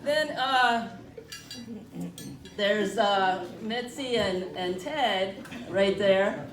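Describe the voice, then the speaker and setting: A woman of medium pitch speaks very slowly, delivering a rambling, self-mocking stand-up set at a brewery comedy night. A crowd is audible behind her, and the recording sounds distant and echoey.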